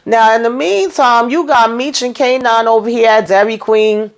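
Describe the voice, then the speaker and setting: A woman's voice: a little high, moderate pace. A woman vlogger giving a casual, sassy episode recap, chatty and swearing freely.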